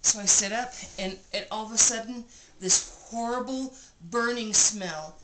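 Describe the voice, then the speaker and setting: A woman vlogger in a cabin room, telling a personal story in an animated, breathless way and repeating phrases for emphasis. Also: a little high, unhurried. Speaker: vlogger recounting an experience. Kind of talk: casual storytelling. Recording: roomy room with clear background noise.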